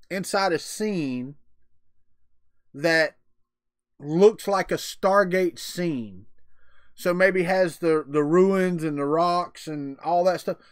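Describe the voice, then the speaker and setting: A middle-aged man with a drawl talks in a folksy, chatty way, reacting to his live chat between thoughts. His voice sits a little high for a man. The sound is dry and close, with no room echo. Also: a bit bright. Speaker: livestream host. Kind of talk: casual live-stream chat.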